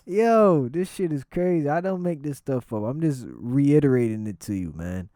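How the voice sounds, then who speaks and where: A man's voice: medium pitch, normal speed, hardly any pauses, dry recording, studio quality. A man hosting his own vlog, telling stories in a casual, profane way and breaking into laughter. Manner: animated, laughing storyteller. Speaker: commentary vlog host.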